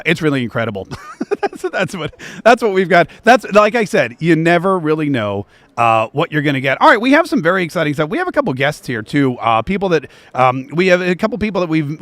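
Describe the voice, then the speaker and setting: High-voiced animated male talk host. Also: no room sound. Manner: animated, breaks into chanted rap rhymes. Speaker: political talk show host. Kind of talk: energetic political commentary. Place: convention media row.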